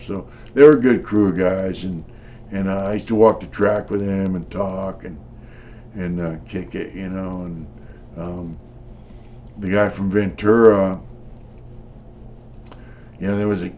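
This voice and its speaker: Older man, lowish voice, blunt and profane, rambling storytelling, dull lo-fi sound. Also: steady tone, a little slow, pauses often, darkish tone, a little hiss or hum. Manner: blunt, profane, rambling with frequent "you know". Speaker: former prisoner telling stories. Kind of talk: casual storytelling.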